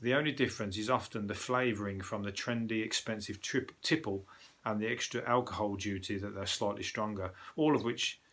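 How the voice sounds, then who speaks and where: A man's voice: on the low side, steady tone, fairly quick, a bit bright. A man from Birmingham with a Birmingham accent, a comedian hosting a casual comic news review in a rambling, sweary, scornful way. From Birmingham, England. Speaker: comedian host.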